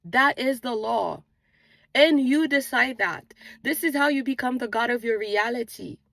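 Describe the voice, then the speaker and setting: Gravelly-voiced woman preaching spiritual encouragement. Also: on the high side, unhurried, fairly bright tone, no echo. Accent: non-native English accent, origin unstated. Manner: earnest, repetitive preaching cadence. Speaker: manifestation channel host. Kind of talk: spiritual motivational talk. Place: outdoors on a morning walk.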